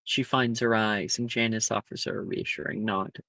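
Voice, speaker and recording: A man narrating a tabletop role-playing game as game master, in a measured descriptive way. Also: fairly low pitch, fairly even intonation, gravelly, pushed and bright, dry recording.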